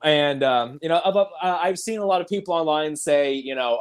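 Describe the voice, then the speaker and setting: A man's voice: on the high side, brisk, few pauses, smooth. A man hosting a casual film discussion podcast, eagerly recapping scenes and often laughing. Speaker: podcast host.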